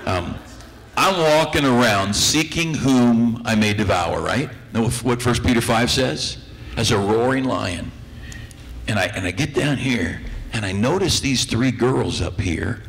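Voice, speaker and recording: Man preaching in church, bright sharp tone, jokey folksy delivery. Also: medium pitch, unhurried, vocal fry, low-quality recording. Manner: folksy, teasing, acts out quoted voices. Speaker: pastor. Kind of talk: sermon. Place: church sanctuary.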